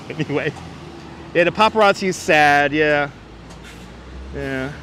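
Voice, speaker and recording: A high-voiced man with a Brooklyn accent talks into a wireless clip-on mic while walking city streets. He chats animatedly with his livestream viewers. Traffic hums faintly behind him. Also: slow. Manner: chatty, animated, often thanking viewers by name. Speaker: livestream host.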